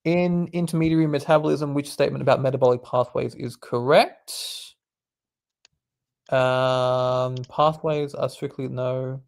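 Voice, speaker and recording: A man's voice: mid-range voice, fairly even intonation, a little slow, gravelly, a little mellow, clean tone. A young man, a medical student, reading quiz questions aloud and explaining the answers in a laid-back, casual way. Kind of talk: casual quiz study session.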